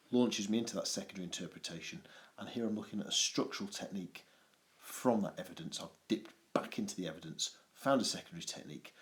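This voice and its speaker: A male English teacher with an adenoidal voice, talking through a poetry analysis with playful, jokey asides. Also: sits low.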